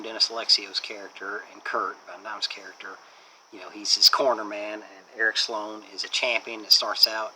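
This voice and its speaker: Man, low-pitched, sharp and forceful tone, casual rambling film review, lots of fillers. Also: slight background noise, low-quality recording. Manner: rambling retelling with many fillers. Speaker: movie reviewer. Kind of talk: casual plot recap.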